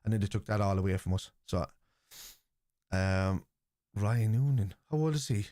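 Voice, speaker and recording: A man's voice: on the low side, normal speed, warm tone, no echo, studio quality. An Irish man in his forties, hosting a football watchalong stream and lecturing his chat in an argumentative way. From Ireland. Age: 40s. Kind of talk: live stream chat reply.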